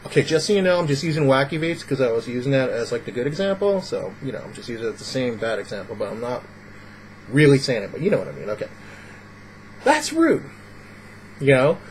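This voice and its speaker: A man's voice: medium pitch, animated, fast talker, a little hiss or hum, low-quality recording. A man giving casual, rambling advice in a vlog, acting out little example scenes. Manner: rambling, filler-heavy, acts out little scenes. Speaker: vlogger.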